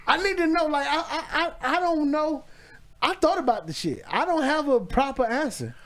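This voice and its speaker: A man hosting a podcast, talking in animated, joking, profane banter. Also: very high voice, moderate pace. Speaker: podcast host. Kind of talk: casual chat.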